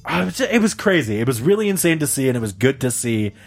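A young man on a casual podcast, telling a story in an animated way and laughing often. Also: fast, gravelly, faint music behind. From Canada. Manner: animated storyteller, jumps high for quoted voices, laughs often. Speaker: podcast co-host.

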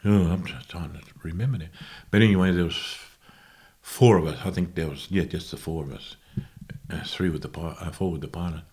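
Man, very low voice, interview guest; slow, halting storytelling that keeps correcting itself. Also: fairly even intonation, a little mellow. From Australia. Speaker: guest musician.

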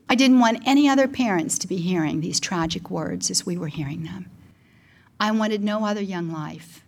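A woman's voice: fairly low pitch, vocal fry, a little mellow. A middle-aged woman, a Christian speaker, telling a personal testimony in an earnest, emotional storytelling manner.

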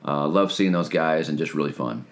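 A man in his late forties co-hosting a podcast. He chats in an easygoing way, and his voice is scratchy from shouting. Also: moderate pace. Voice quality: deep, scratchy. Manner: easygoing, laughs often. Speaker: podcast co-host. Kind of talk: casual podcast chat.

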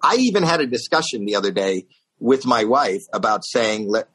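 A middle-aged man telling a long comic story on a talk show, acting out the voices with high squeaks. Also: lively intonation, normal speed, a bit bright, husky, rough recording. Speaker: stand-up comedian guest telling a story.

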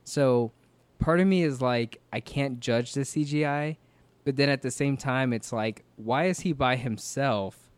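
A man's voice: medium pitch, measured pace, smooth, no echo. A man in casual reaction chat who thinks aloud, hesitant and full of fillers. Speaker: commentator.

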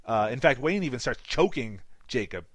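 A man's voice: mid-range voice, big pitch swings, normal speed, dry recording. A man with a light Newfoundland accent recapping a movie in casual podcast chat, laughing often and swearing casually. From Newfoundland, Canada. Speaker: podcast co-host.

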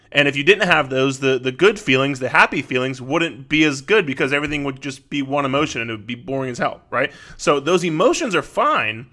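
A man in his thirties with a bright, forceful tone, talking straight to his listeners like a podcast host. He speaks conversationally, restarting phrases and tagging points with "right?" His pitch sits mid-range for a man. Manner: conversational, repeats words and restarts, frequent "right?". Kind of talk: casual advice monologue.

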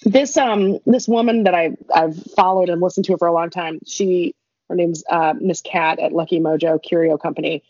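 A woman's voice: fairly low pitch, fairly even intonation, moderate pace, darkish tone, dry recording. A young woman telling a rambling story in casual chat, laughing and adding asides as she goes. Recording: dull lo-fi dry recording.

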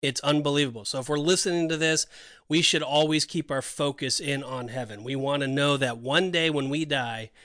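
A man's voice: a little high, brisk, fairly bright tone, dry recording, studio quality. A man co-hosting a casual Christian podcast, earnest and enthusiastic, with many "you know" and "like" fillers. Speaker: podcast co-host.

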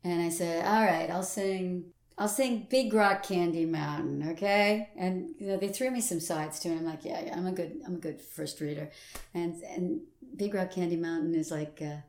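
Older woman, actress guest, animated storyteller, slightly low voice, roomy echo. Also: normal speed. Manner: animated storyteller who acts out quoted voices and laughs often. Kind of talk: casual interview chat.

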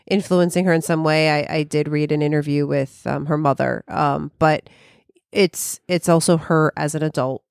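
A woman co-hosting a casual podcast chat, chatty and quick to chime in. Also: low voice, fairly even intonation, gravelly, a little mellow, smooth, no room sound, clean studio sound. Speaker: podcast co-host.

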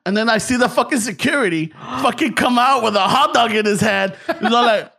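A man's voice: very high voice, fairly quick, vocal fry, bright, forceful tone, breathy edge. A young man telling a long story in casual chat, swearing a lot, switching between English and Spanish, and acting out the people in it. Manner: profane, switches between English and Spanish mid-sentence, acts out voices.

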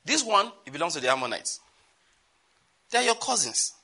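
A male preacher delivering a sermon, moving between loud exclamations and quiet asides. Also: sits high, big pitch swings, normal speed, breathy edge.

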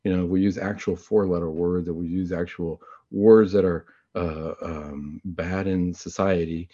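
A man hosting a Catholic talk show, chatting in a casual, conversational way and often clearing his throat. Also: sits low, steady tone, measured pace, mellow. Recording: dull lo-fi recording.

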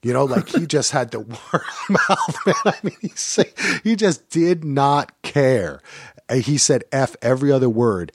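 A middle-aged man co-hosting a casual chat about a movie, telling lively stories and jumping into high voices when he quotes people. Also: unhurried, husky, no room sound, clean studio sound. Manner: animated storytelling, jumps to high voices when quoting. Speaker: podcast co-host. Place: lives in Portland, grew up in New Jersey.

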